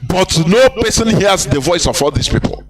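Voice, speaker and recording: A man's voice: sits high, expressive, moderate pace, a crowd in the background. A man from Nigeria, delivering impassioned political commentary on a live broadcast and asking rhetorical questions. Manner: impassioned, rhetorical questions, mixes in Igbo phrases. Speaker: activist broadcaster.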